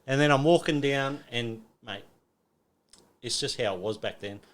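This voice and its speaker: A man's voice: mid-range voice, normal speed, fairly bright tone. A middle-aged Australian man telling a story in casual chat, acting out quotes and swearing a lot. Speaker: podcast guest.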